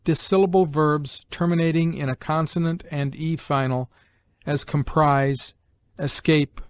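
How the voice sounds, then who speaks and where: Guy reading old grammar rules out loud, real slow, slightly high voice. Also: steady tone, clean tone. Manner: slow, measured recitation with pauses. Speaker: reader.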